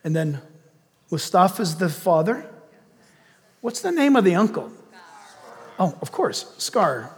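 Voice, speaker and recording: A male pastor preaching a sermon and leading a closing prayer, animated, hushing his voice to act out a villain's lines. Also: high voice, slow pace, long pauses, big-room sound.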